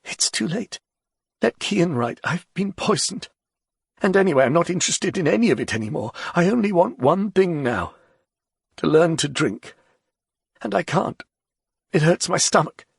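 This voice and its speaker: A man's voice: on the high side, lively intonation, moderate pace, vocal fry, long pauses, husky, no echo, clean studio sound, voice pushed up, exaggerated voice. A man voicing a frightened, embittered court poet who speaks in an anxious, quavering way. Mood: bitter.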